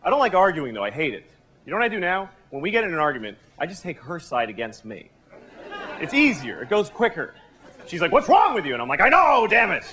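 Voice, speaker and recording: Male stand-up comic, deadpan, very animated pitch, TV studio with audience and noise. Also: fast, a faint crowd. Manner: deadpan, conversational. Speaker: stand-up comedian. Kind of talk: stand-up routine. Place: television studio stage. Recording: live studio audience laughing. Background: audience laughter and room noise.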